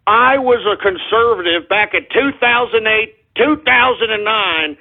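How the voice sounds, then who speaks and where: Male radio host, furious ranting delivery, husky tone, tinny phone-like audio. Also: high-pitched. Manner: angry, insulting, ranting. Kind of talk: political talk radio rant.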